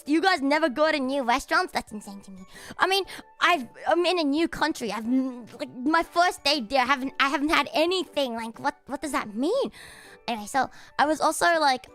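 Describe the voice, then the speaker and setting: A woman livestreamer telling stories to her chat in a casual, animated way, swearing freely. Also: sits high, a little fast, faint music behind.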